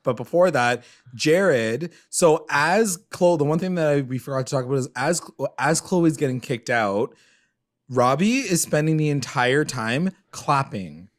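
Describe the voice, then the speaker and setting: A man co-hosting a podcast, chatting casually and laughing often while he recaps a reality show with quick, dramatic retellings. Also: a little high, expressive. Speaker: podcast co-host.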